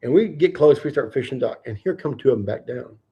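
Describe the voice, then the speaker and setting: A man hosting a livestream, telling a fishing story in a casual, animated and profane way. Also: medium pitch, quick pace, husky, dull audio. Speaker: livestream host.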